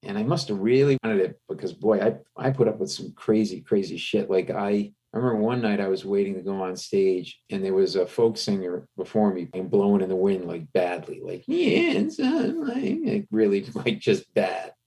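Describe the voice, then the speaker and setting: A middle-aged man, a comedian, telling an animated anecdote in a podcast interview, jumping into raised voices for the people in his story. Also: low-pitched, a little fast, few pauses, breathy edge. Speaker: comedian guest.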